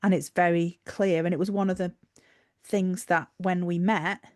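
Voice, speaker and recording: A woman's voice: on the low side, level tone, moderate pace, no echo, clean studio sound. A woman in her forties, a podcast co-host, chatting casually with restarts and trailing clauses. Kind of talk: casual chat.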